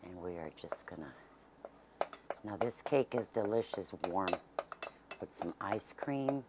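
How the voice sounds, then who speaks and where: A woman's voice: a bass voice, animated, measured pace, heavy background noise. Folksy woman chatting while baking. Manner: chatty and folksy, drops to a near whisper at times. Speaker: cooking channel host. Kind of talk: casual cooking demonstration. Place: home kitchen.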